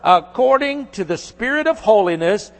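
A man's voice: high-pitched, animated, normal speed, a bit bright. A man preaching a sermon, earnest, rising to emphatic declarations. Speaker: pastor. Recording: long hall reverb.

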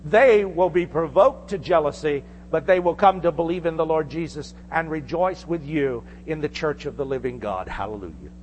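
A man's voice: on the high side, normal speed, hardly any pauses, a little mellow, long reverb tail, slight background noise. A man preaching a sermon with fervent emphasis, asking the congregation rhetorical questions.

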